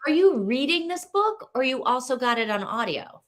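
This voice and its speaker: A woman with a higher voice that swoops up and down chats on a book club livestream over a video call. She reacts quickly and keeps the talk light. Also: sing-song, a bit bright. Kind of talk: casual chat on a livestream.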